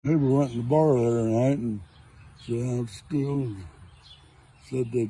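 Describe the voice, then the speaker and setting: A man's voice: medium pitch, normal speed, dark tone, breathy edge, poor audio. An older man telling dirty jokes outdoors in a folksy, rambling way, leaning on lots of "well"s. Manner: folksy rambling delivery with many wells. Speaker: joke teller.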